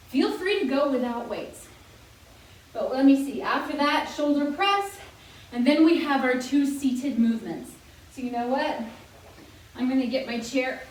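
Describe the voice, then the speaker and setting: High-voiced young woman coaching, big echoey room. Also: recorded from a distance. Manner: chatty, joking, encouraging while exercising. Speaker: fitness instructor. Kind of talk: guided senior workout class.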